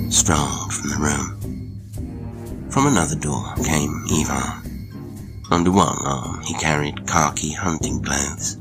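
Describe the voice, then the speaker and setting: Extremely deep-voiced male storyteller. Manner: measured, dramatic storytelling. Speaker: narrator. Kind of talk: scripted audiobook narration.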